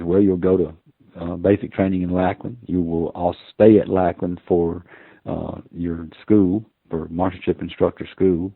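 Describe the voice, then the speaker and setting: A man's voice: low-pitched, no echo. A man in his sixties, a podcast guest, telling rambling folksy stories with many fillers. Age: 60s. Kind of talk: casual storytelling. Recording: tinny phone-like line.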